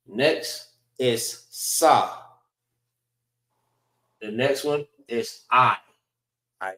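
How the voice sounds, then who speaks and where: A man teaches a class, walking through letter sounds slowly and patiently. He repeats each sound and checks in with "all right" as he goes. His voice carries a roomy echo. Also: mid-range voice, fairly bright tone.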